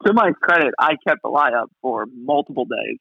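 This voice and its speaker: A man's voice: mid-range voice, lively intonation, brisk, vocal fry, pushed and bright, slightly rough, no room sound. A man in his thirties chatting casually as podcast co-host, laid-back and self-mocking. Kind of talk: casual chat. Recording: dull lo-fi audio.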